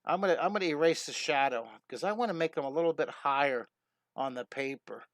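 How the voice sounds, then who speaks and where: A middle-aged man hosting a live-streamed drawing lesson, chatty and enthusiastic, greeting viewers and making quick cat sounds as he draws. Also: on the high side, fairly bright tone, no echo, clean studio sound.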